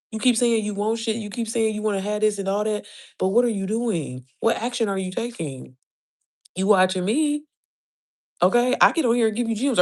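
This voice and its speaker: Blunt, profane woman lecturing her followers. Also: mid-range voice. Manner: emphatic rhetorical questions; quick laughs between points. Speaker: online business coach. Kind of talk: casual motivational rant to camera.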